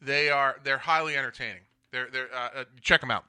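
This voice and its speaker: Bright-voiced ranting male host. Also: medium pitch, steady tone, a little fast, clean tone. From Philadelphia area. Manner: blunt, ranting, swears freely. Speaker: podcast host. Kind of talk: casual talk show chat.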